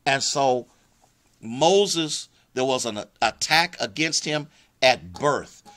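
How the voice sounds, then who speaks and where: A man's voice: mid-range voice, lively intonation, slow pace, a bit bright. A man preaching a live-streamed sermon with an American accent, greeting viewers by name as he goes, fervent and personal, with many restarts and repeated words. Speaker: pastor.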